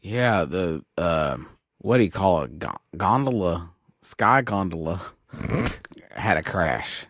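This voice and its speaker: A man playing a tabletop game in casual, lively role-play. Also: deep voice, slow, no room sound, studio quality. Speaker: player.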